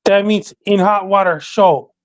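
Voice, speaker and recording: A man appearing as a podcast guest, talking in a flat recital that lists facts, dates and handles one by one. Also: sits high, unhurried. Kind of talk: casual call-in chat.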